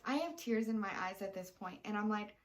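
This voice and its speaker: A woman's voice: medium pitch, lively intonation, a little fast, low-quality recording. A young woman in casual chat, a chatty storyteller with many fillers. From Texas. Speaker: co-host.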